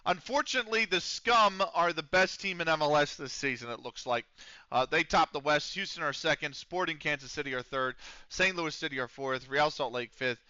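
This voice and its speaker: Bright, crisp-voiced male streamer rambling. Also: fairly high pitch, moderate pace, no room sound, dull audio. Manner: rambling and loose, with many fillers and casual swearing. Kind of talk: casual live-stream commentary.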